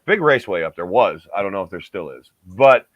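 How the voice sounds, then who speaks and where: Animated rambling man on a dull line. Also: low voice, a little fast, dry recording. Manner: rambling, animated, swears freely. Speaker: podcast host. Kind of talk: casual chat and storytelling. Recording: dull lo-fi dry recording.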